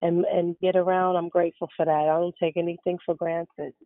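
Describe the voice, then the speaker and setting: A woman in her fifties hosts a morning prayer call over the phone. She greets callers warmly in an even, level voice. The phone line is tinny and dry. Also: lowish voice, brisk, no room sound. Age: 50s. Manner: warm, greeting each caller.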